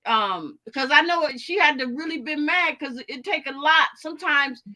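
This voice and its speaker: A woman's voice: sits high, moderate pace, over a noisy crowd. A woman hosting a casual livestream chat. She talks in a chatty way, with lots of fillers and agreeing sounds. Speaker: host.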